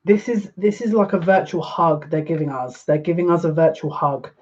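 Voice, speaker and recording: A woman giving a live card reading as a psychic, gushing and excitable, easily overwhelmed with emotion. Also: deep voice, normal speed, dull audio.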